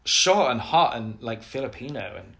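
A man co-hosting a casual podcast chat, playful and gossipy and quick to giggle. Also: mid-range voice, lively intonation, pushed and bright. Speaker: podcast co-host.

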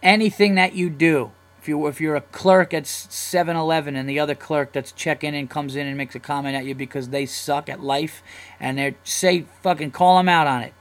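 Profane, rambling New podcast host. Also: male voice, on the high side, fairly even intonation, brisk. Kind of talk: casual solo podcast rant.

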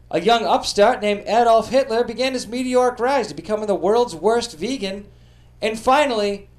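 A man hosting a podcast, telling comedic history stories with a profane, joking delivery. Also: high-pitched. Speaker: podcast host.

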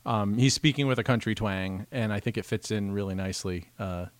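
A man's voice: on the low side, steady tone, brisk, no room sound. A man co-hosting a podcast in casual, joking chat, rambling into tangents. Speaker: podcast co-host.

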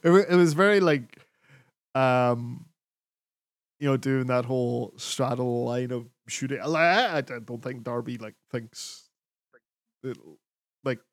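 A man's voice: medium pitch, slow, long pauses, no room sound. A man co-hosting a podcast in sweary, laughing casual banter. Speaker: podcast co-host. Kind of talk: casual chat.

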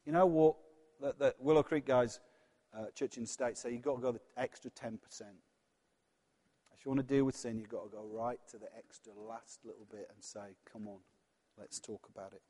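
A man preaching a sermon in a church, earnest and personal, dropping from loud passages to hushed ones. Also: mid-range voice, fairly even intonation, a little fast, big-room sound.

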